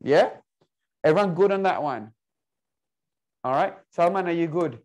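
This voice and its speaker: A man teaching an Arabic class online, playful and coaxing, repeating words slowly for his students. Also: on the high side, animated, a little mellow.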